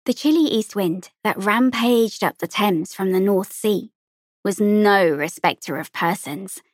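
A woman's voice: medium pitch, a little slow, no echo, studio quality. Woman reading audiobook narration. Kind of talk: scripted narration.

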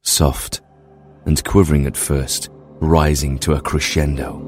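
Deep-voiced man narrating a story. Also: unhurried, over music. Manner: steady, descriptive reading.

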